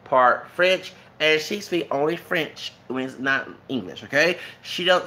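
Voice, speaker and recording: Speaking at a measured pace with few pauses, this man's voice sits on the high side. He's a Texan YouTuber whose casual monologue rambles, stays animated, and is full of asides and frequent laughter.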